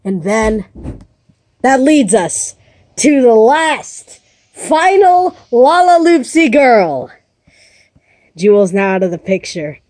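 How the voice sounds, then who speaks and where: A woman rambling playfully through a story pitch, amused at her own ideas. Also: big pitch swings, slow pace, long pauses, a little mellow, no echo, clean studio sound.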